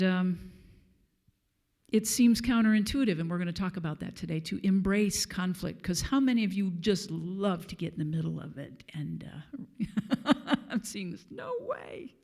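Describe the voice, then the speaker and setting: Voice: medium pitch, creaky, darkish tone. A guest speaker giving a conversational sermon at a church service, telling a story with frequent fillers and chuckles.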